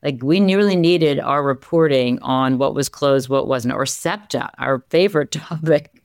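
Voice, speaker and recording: A newspaper executive from the Philadelphia area, talking energetically in an interview with lots of restarts and sudden lifts in pitch. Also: a little slow, smooth, dry recording, studio quality. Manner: energetic, animated, many restarts. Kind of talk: conversational interview.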